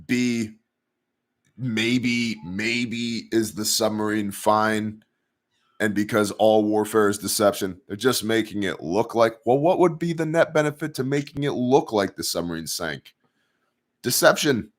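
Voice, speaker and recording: A man hosts a casual news commentary show, rambling through hypotheticals in a sarcastic tone. His voice sits a little below average in pitch. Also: measured pace. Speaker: host.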